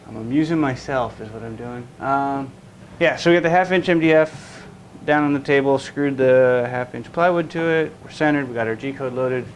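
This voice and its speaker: In his woodworking shop, a man who builds guitars hosts a laid-back workshop video, rambling with frequent restarts and slipping into a silly fake accent to amuse himself. His mid-range voice moves at normal speed with few pauses. Audio is poor, with slight background noise.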